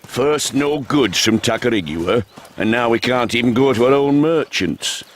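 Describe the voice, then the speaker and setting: A man's voice: mid-range voice, a little slow, natural voice. An actor playing a grumbling townsman in a video game. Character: grumbling townsman, gossiping about the embargo.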